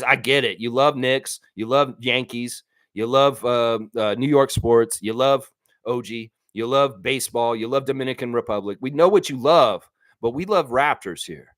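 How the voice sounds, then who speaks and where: A man hosting a live stream, talking casually and reading viewers' chat comments aloud, with blunt, profane opinions. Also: mid-range voice. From United States. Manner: animated, profane, talks straight at viewers.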